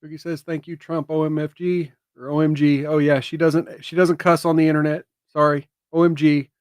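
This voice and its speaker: A high-pitched man delivers casual political commentary from his own show. He talks with emphatic bursts that drop into hushed, emotional asides. The sound is dry and close. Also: level tone, moderate pace, smooth, dry recording.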